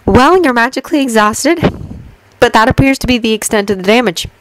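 A woman's voice: fairly high pitch, expressive, brisk, natural voice, rough recording. A woman voicing a stern older female healer who gives firm, scolding orders in a raised voice.

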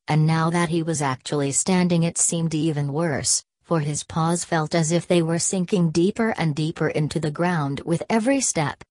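Low-voiced woman reading a storybook. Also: a little mellow, no room sound. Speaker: narrator.

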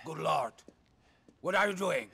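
A raspy volatile mob boss. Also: male voice, fairly high pitch, lively intonation, measured pace, exaggerated voice. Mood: furious. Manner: shouting, contemptuous. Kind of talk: video game cutscene acting.

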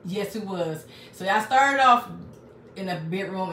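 A woman's voice: mid-range voice, lively intonation, a little slow, a bit bright. Woman, crafting livestream host: casual and chatty with her viewers, recorded in a roomy space from a distant mic. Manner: chatty, talks straight to viewers, reads out comments. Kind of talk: casual live-stream chat with viewers. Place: small home craft room. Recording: roomy, distant mic with faint background noise.

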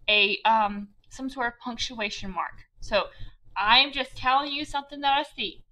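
A woman teacher giving a slow, patient writing lesson to young children, spelling words out letter by letter. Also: fairly high pitch, pushed and bright, rough recording.

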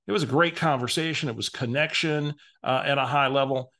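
A man from San Antonio, Texas, coaches real estate agents in an upbeat, conversational lesson. His mid-pitched voice carries a steady gravelly texture. He moves easily into storytelling. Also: fairly quick.

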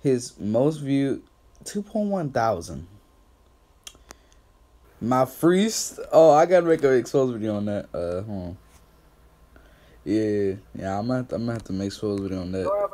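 A man's voice: mid-range voice, big pitch swings, moderate pace, pauses often, mellow. A man doing reaction commentary, roasting another creator in loose slang and laughing often.

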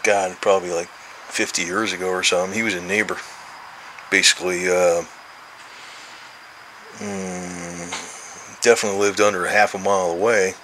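A man's voice: low-pitched, little pitch movement, normal speed, pauses often, sharp tone, a little hiss or hum, rough recording. A man in his sixties rambling casually and cursing freely while coaxing his cat outdoors. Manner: meandering, profane, coaxing talk to the cat. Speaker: vlogger, cat owner.

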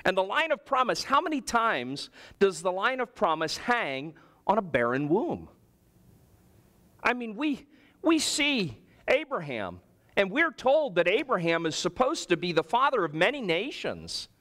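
A male pastor delivers a sermon in a church, weaving humorous personal stories into his teaching. His voice sits high and swings widely in pitch, with a bright, sharp edge. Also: measured pace. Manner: animated storytelling, with personal anecdotes and humor.

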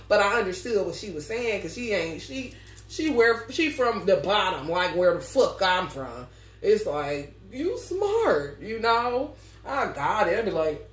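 Animated woman tarot reader in an echoey room. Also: mid-range voice. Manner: animated, laughs often, heavy swearing. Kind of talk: casual, profane storytelling to viewers. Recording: roomy echo, mic at a distance, faint background noise.

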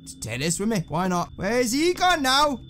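A man's voice: extremely high pitch, wildly swooping pitch, moderate pace, fairly bright tone, faint music behind. Jumpy, swearing man gaming. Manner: jumpy, swearing, sarcastic running commentary. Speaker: gaming channel host. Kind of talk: let's play horror game commentary.

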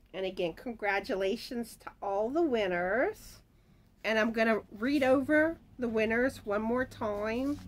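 A woman hosting a crochet channel, casually announcing giveaway winners and chatting to herself, her voice starting to give out. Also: fairly high pitch. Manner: chatty and unhurried, mutters asides to herself. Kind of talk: casual giveaway announcement, reading viewer comments.

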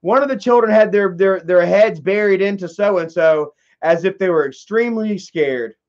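Young guy, high voice, rambling and profane, on dull lo-fi audio. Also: moderate pace, darkish tone. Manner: profane, rambling, laughs often. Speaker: commentary vlogger. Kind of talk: casual rambling commentary.

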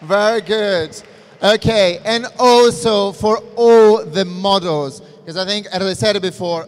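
A man hosting a live fashion show, speaking in a theatrical, playful, drawn-out way. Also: high-pitched. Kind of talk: live event emcee speech. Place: event hall. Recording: long hall reverb.

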